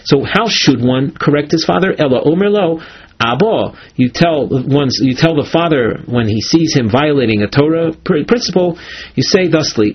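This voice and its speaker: A man teaching a Talmud class, reading Hebrew and Aramaic source lines aloud and explaining them in English, slowing down to chant key phrases. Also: a little high, husky. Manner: slows down to chant source phrases, with small restarts. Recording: dull lo-fi lecture recording.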